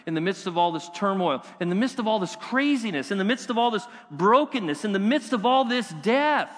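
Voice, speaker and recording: A man's fairly high voice rings through a church sanctuary, with the long tail of the hall trailing each phrase. He preaches with passion, rising in intensity and then sinking to soft, hushed lines. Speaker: pastor. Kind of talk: sermon.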